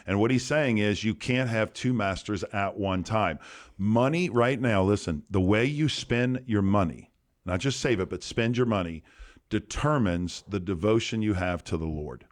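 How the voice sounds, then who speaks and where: A man's voice: lowish voice, normal speed. A man, a pastor, teaching on a podcast in an emphatic preaching manner that repeats key phrases. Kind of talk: podcast sermon-style teaching.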